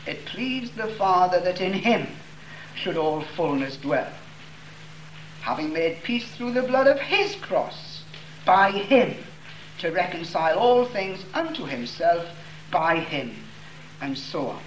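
A male preacher delivers a slow, deliberate sermon, his pitch swinging high and low as he stresses each important word. The voice rings in a roomy church hall with a faint hum of room noise behind it. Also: big pitch swings. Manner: slow, emphatic reading of scripture with stressed words.

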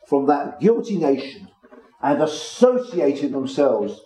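A man gives a measured Bible talk to a small gathering and leans on the words he wants to stress. His voice sits a little high and sounds mellow and warm. The room around him is echoey. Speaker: preacher. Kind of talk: Bible teaching to a small congregation.

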